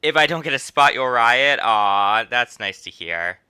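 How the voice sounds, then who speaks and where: A man's voice: mid-range voice, lively intonation, a little slow, pushed and bright, clear, resonant tone, no room sound. A man casually commenting on a game he streams live, rambling with laughing asides into a close mic.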